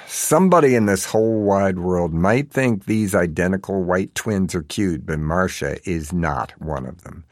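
A man's voice: deep voice, no echo, clean studio sound. A man reading a novel aloud as narrator, in a wry, sardonic manner. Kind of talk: audiobook narration.

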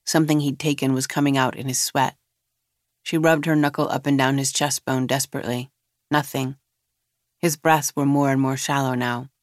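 Audiobook reader, steady pace, mid voice, dead dry recording. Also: mid-range voice, normal speed, no echo. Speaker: narrator. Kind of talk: audiobook narration of a novel.

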